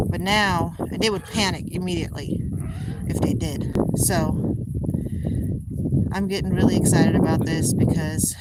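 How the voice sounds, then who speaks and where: A woman filming her geese by a pond outdoors, explaining things plainly and cooing to the birds in high baby talk. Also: steady tone, measured pace, long pauses. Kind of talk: casual vlog talking to pets. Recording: loud outdoor background noise. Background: animal sounds and outdoor noise.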